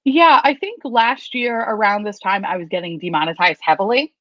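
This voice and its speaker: A woman's voice: mid-range voice, moderate pace, no echo. A woman chatting casually as a guest on a video call, candid, swearing freely and laughing often. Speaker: guest YouTuber. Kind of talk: casual live chat. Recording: dull, lo-fi, dry sound.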